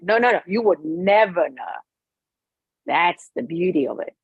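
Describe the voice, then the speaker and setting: A woman's voice: lowish voice, lively intonation, normal speed, breathy edge, dry recording. A woman guest talking with passion, emphatic and outspoken about her views. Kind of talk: passionate personal talk. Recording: dull lo-fi recording.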